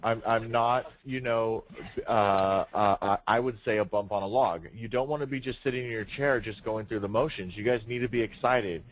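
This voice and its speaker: A man's voice: fairly low pitch, moderate pace. Emphatic male sales trainer. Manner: emphatic, projecting, asks rhetorical questions. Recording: noisy room recording.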